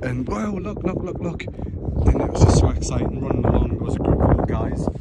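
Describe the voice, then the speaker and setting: A man talking into his phone camera outdoors at night, breathless, excited and rambling. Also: mid-range voice, a little fast. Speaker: landscape photographer vlogger. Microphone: phone camera held by hand. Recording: heavy wind noise on phone mic. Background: loud wind.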